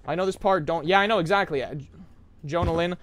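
A young man from America streaming a horror game live, shouting bursts of hype and muttering asides to chat. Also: fairly high pitch, quick pace, a little hiss or hum.

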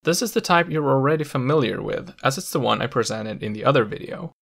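A man narrating a scripted language lesson, explaining clearly with the odd playful aside. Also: mid-range voice, animated, fast talker, fairly bright tone. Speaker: language educator.

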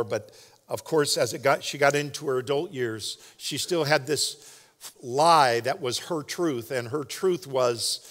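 A man preaching a sermon as pastor, in a relaxed, joking, conversational way. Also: medium pitch, a little slow. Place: large church sanctuary. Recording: long hall reverb.

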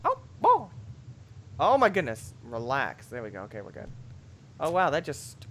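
A young man doing let's play commentary, reacting loudly with sudden shouts and laughs. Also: fairly high pitch, huge pitch swings, moderate pace, pauses often. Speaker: gameplay commentator.

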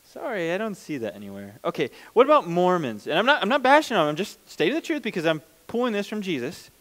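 A man's voice: high voice, very animated, fast talker, a bit bright. A man preaching a conversational sermon as pastor, plain-spoken and informal, often restarting mid-sentence.

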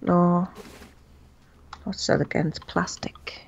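A woman joins a casual gameplay session with dry, low-key remarks, often muttering half to herself. Her voice sits low and turns gravelly, with plenty of vocal fry. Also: lively intonation, normal speed, dull audio. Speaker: co-player.

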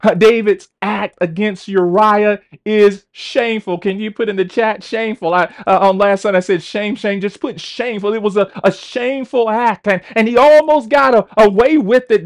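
A pastor with a notably high voice for a man preaches to an online congregation. His delivery is conversational, with words repeated as he builds each point, and he keeps calling out to listeners for replies. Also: moderate pace, few pauses. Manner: calls out to listeners for responses.

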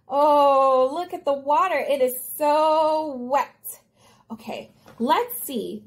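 Speech therapist lady reading to little kids, sing-song, gasps, swoops way up and down. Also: sits high. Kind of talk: reading a picture book aloud to toddlers.

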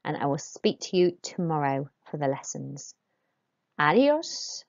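A woman teaching a recorded Spanish lesson, giving clear, patient instructions and saying Spanish words aloud. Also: low voice, fairly even intonation, moderate pace, darkish tone, dull audio.

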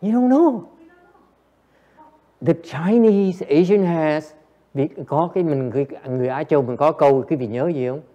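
High-voiced playful male teacher. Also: normal speed, long pauses, mellow, highs cut off. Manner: playful, coaxing the audience, switching between English and Vietnamese; frequent laughter and repeated "yes, yes". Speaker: Buddhist teacher. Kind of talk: Dharma lecture to a class.

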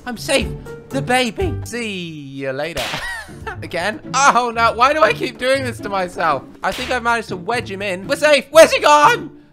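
A man giving jokey, excitable commentary over gameplay as a channel host, with frequent laughs and yelps. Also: extremely high pitch, unhurried. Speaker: gaming YouTuber. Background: background music.

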